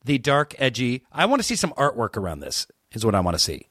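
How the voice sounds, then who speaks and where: Man guest, deadpan absurd riffing, lively swooping pitch, dry close sound. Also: fast talker, no echo. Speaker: podcast guest. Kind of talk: casual chat.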